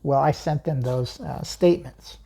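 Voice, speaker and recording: A woman's voice: deep voice, normal speed, creaky, warm tone, breathy edge. A woman hosting her own channel, telling a personal story in an emphatic way, chuckling often and asking herself questions.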